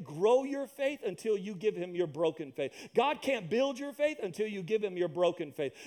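A man's voice: high-pitched, a little mellow. A man preaching a sermon in church, emphatic and repetitive, with asides and jokes to the congregation. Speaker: pastor. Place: church with loudspeakers.

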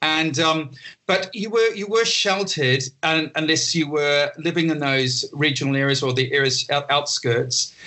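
Rambling Australian man, bright voice. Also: fairly high pitch, a little slow. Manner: rambling, many restarts and fillers. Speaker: guest, entertainer. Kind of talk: casual interview talk.

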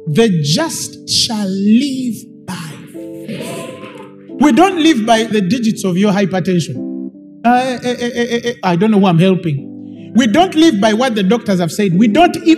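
High-voiced, animated man preaching. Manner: emphatic, rising to shouts, repetitive. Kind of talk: sermon. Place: church hall with congregation.

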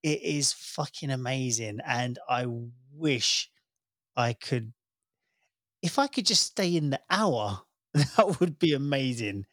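Man, 30s, podcast co-host, lively storyteller, dry close recording. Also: mid-range voice, takes it slowly, no echo. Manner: laughs often, animated storytelling. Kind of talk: casual podcast chat. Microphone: podcast microphone.

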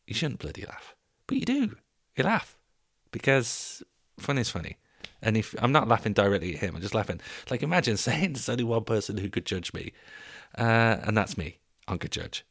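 A young man hosting a podcast, telling stories in a casual, animated, comedic way, swearing and laughing as he goes. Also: on the low side, normal speed, creaky, dry recording, clean studio sound. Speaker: podcast host.

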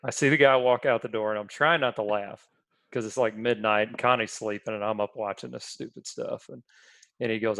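A man's voice: on the low side, fairly even intonation, fairly quick, a bit bright, no room sound. A man co-hosting a podcast, telling stories in a casual, chatty way, often laughing. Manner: laughing, storytelling. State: under the weather. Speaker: podcast co-host. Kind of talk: casual chat.

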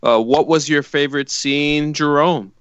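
A man co-hosting a casual movie podcast, talking haltingly and repeating words as he thinks. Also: fairly high pitch, steady tone, a bit bright, clear, resonant tone, no echo, highs cut off. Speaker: podcast co-host.

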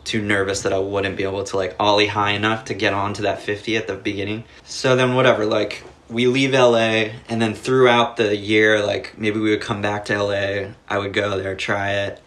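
A man's voice: on the low side, little pitch movement, moderate pace, few pauses, a bit bright. A young man telling a long story in casual chat, rambling with lots of filler words and cursing. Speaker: podcast guest.

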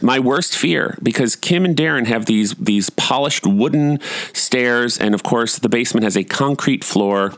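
A middle-aged man telling a long personal story in a casual, animated way, rambling, swearing freely and laughing at himself. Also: mid-range voice, unhurried, no room sound.

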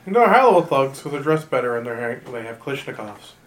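A man's voice: medium pitch, big pitch swings, fast talker, fairly bright tone, a little hiss or hum. A man running a tabletop role-playing game, narrating scenes casually with joking asides. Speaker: game master.

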